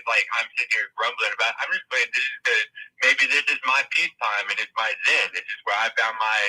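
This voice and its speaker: A man with a very bright, husky voice talks in a reassuring, reflective way. He comes through a tinny, phone-like line. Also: medium pitch. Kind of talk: casual chat.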